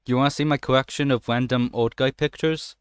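A young man talks through a game in a smooth, resonant voice, recorded close and dry. He jokes, swears freely and jumps to excited yelps as he plays. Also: mid-range voice, quick pace, dry recording. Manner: excitable, swears often, jokey running commentary. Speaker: gaming channel host. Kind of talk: let's play commentary.

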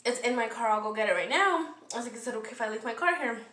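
A woman with a high, bright voice rants through a storytime, swearing constantly and sounding worn out and annoyed. She is a little way off the mic in an echoey kitchen. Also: racing, distant mic. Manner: heavy profanity, animated, exasperated. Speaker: vlogger. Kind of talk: casual storytime rant. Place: home kitchen, cooking.

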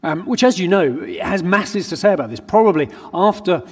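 A man's voice: high-pitched, lively intonation, brisk, slightly rough. A man giving an earnest sermon at a conference, drawing on everyday anecdotes to make his points. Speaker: conference speaker. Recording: long hall reverb.

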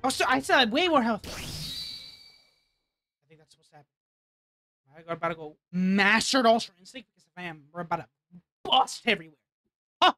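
Hyped young man yelling at a game. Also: high voice, big pitch swings, brisk, pauses often. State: losing his voice. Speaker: gaming streamer. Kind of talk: live gameplay commentary.

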